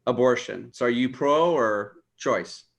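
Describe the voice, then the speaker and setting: A man's voice: medium pitch, measured pace, vocal fry. A man hosting a casual interview, asking short, probing follow-up questions. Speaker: host.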